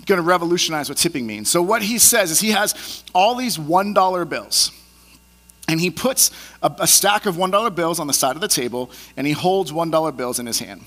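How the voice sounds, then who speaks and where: Guy pastor preaching casual, bright slightly high voice, big echoey church sound. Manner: animated storyteller acting out scenes. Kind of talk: conversational sermon. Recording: long hall reverb.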